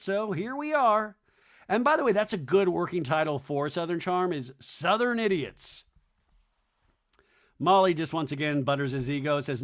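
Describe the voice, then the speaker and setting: A man hosting a podcast, recapping a reality TV episode with sarcastic, animated commentary and putting on voices for quotes. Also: a little high, moderate pace. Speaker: podcast host. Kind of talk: comedic TV recap.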